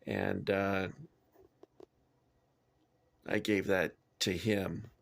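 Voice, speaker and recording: A man's voice: low-pitched, flat delivery, drawn-out words, creaky. An older American man reviewing toys in a casual, rambling way, with frequent fillers and tangents. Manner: digressive, chatty, frequent filler words. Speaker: toy collector reviewer.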